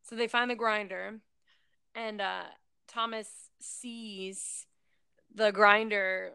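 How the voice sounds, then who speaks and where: A woman tells a film's plot in loose, casual chat, full of fillers and quick acted-out lines of dialogue. Her voice is bright and crisp with a gravelly rasp underneath. The room sounds dry and close. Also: mid-range voice, fairly even intonation, dry recording. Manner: rambling storytelling with many fillers. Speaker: person recapping a film.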